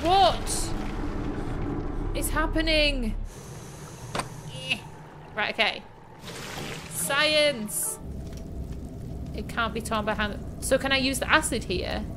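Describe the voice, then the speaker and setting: A woman's voice: sits high, slow, pauses often, background noise. A young woman playing a horror game live, talking to herself, shrieking at scares and laughing at herself. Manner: jumpy, screams and laughs, chatty. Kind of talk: live gameplay commentary.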